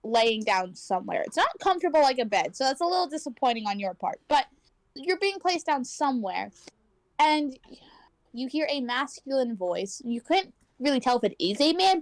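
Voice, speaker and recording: A woman with a high voice narrates a tabletop adventure as game master, casual and rambling, stopping often for fillers and restarts. Her voice comes through dry and close, with no room sound behind it. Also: animated, moderate pace, dry recording.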